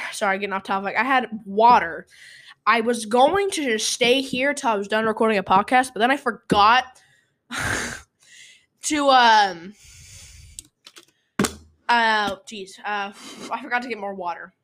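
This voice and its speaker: A woman's voice: a little high, measured pace, pauses often, a bit bright. A teenage girl hosting a casual storytelling podcast from a room at home, rambling, apologizing and getting sidetracked. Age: teens. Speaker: podcast host.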